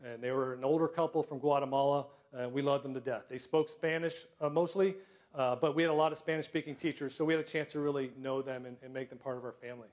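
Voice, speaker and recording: A middle-aged man telling personal stories to a live audience, self-deprecating, with comic timing and frequent throat clearing. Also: medium pitch, steady tone, fast talker, darkish tone. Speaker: storyteller.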